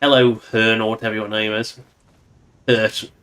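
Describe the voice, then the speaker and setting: A man's voice: fairly low pitch, level tone, normal speed, a bit bright. Sarcastic man streaming a game. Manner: sarcastic, rambling asides. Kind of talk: casual gameplay commentary.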